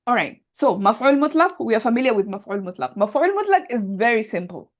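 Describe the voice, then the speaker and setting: A woman's voice: a little high, big pitch swings, brisk, highs cut off. A woman teaching Arabic grammar in an online class, explaining patiently step by step with examples over a video call.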